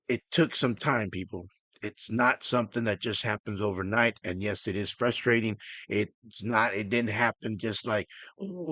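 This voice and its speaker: A middle-aged man hosting his own podcast, talking earnestly and emotionally with halting restarts. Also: lowish voice, a bit bright, dry recording. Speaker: podcast host. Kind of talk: personal podcast monologue.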